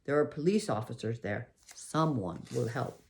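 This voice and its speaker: A woman reading aloud, voicing a kindly middle-aged cafe owner who speaks gently and earnestly. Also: very deep voice, animated, normal speed, creaky, pitched below the performer's own voice, exaggerated voice. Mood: reassuring.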